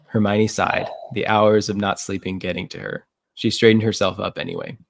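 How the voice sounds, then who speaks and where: A man's voice: lowish voice, fairly even intonation, normal speed, creaky, no echo, studio quality. A man hosting a fan read-through, narrating his own story and chatting playfully with friends. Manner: playful, laughs often. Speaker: host and story writer. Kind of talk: reading narration and casual chat.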